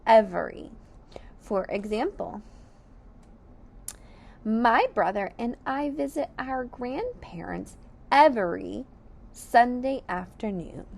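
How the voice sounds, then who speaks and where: A woman teaching young children to read, sounding out words letter by letter at a very slow, careful pace. Her voice is somewhat high and swings widely in pitch. A gravelly edge runs under her words. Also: lively intonation, a little mellow. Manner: sounds out letters and syllables one by one, praising. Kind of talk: slow, deliberate phonics lesson for young children.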